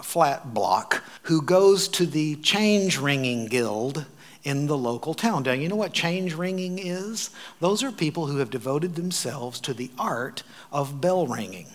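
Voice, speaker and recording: An American man telling travel stories in a sermon, animated and wry, with dry asides. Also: a little high. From United States. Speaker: preacher. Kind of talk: sermon storytelling.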